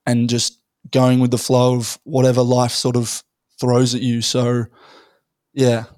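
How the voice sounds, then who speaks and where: A man, a little hoarse from losing his voice, rambling through a casual podcast conversation and thinking aloud with many fillers. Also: medium pitch, monotone, unhurried, darkish tone, no room sound, clean studio sound. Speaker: podcast guest.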